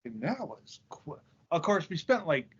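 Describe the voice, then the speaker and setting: A man co-hosting a podcast, with a fairly high voice that swings up and down a lot. He jokes, swears and tells anecdotes in loose, casual banter. The sound is a little dull and lo-fi. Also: big pitch swings, unhurried, fairly bright tone, breathy edge. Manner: joking, swearing, telling anecdotes. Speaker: podcast co-host. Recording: dull lo-fi recording.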